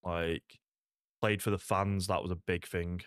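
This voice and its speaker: A man's voice: low-pitched, level tone, measured pace, smooth, dry recording, studio quality. A young man, chatting casually to viewers while playing a game, laid-back and full of "like" and "mate". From Salford, England. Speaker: streamer. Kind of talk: casual gaming stream chat.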